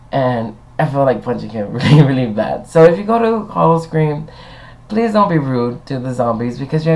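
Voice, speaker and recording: Brief: young male vlogger, sassy and animated, swears, plays every part of the argument himself. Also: medium pitch, gravelly. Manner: acts out both sides of an argument with voiced quotes. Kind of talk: casual storytime rant.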